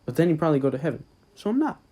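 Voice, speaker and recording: Man, mellow dark voice, casual retelling, a bit distant from the mic. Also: a little high, very animated, very fast.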